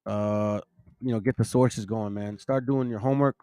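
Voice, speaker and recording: A man's voice: lowish voice, steady tone, moderate pace, dark tone, smooth, no room sound. A man hosting a casual bible teaching talk, reading verses aloud, rambling and stumbling over names as he corrects himself. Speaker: bible teaching channel host.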